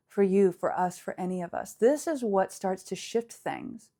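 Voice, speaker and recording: Soft-spoken woman with a mellow voice. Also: mid-range voice. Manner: slow, measured, repeats phrases, drops to soft near-whispers. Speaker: spiritual business coach. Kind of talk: reflective motivational monologue.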